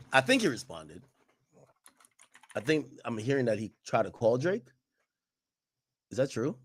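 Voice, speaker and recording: Lively-toned man hosting a reaction stream. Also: mid-range voice, a little slow, long pauses, breathy edge, no echo. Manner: mutters while searching, then explains. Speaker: live-stream host. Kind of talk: casual live reaction commentary.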